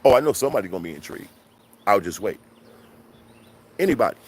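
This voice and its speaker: A man's voice: lowish voice, very animated, fast talker, breathy edge. A man hosting a livestream, ranting bluntly and profanely with lots of rhetorical questions. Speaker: livestream host.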